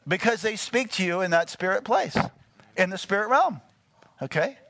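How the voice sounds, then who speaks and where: A man preaching a sermon, animated and full of call-and-response questions to the congregation. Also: high-pitched, normal speed, no room sound. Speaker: pastor.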